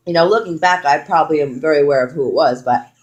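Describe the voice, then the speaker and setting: A woman's voice: low voice, quick pace, muffled recording. Frank, foul-mouthed young woman vlogger. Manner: frank, heavy swearing, animated retelling with quoted lines. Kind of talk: casual storytime.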